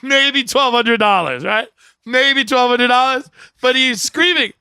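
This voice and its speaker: A male comedian rambles through a funny story with quick asides and bursts of laughter. His voice is high and bright, with a sharp edge. The sound is dry and close to the mic. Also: smooth, no room sound. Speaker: podcast host, comedian. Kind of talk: comic storytelling. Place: outdoor deck.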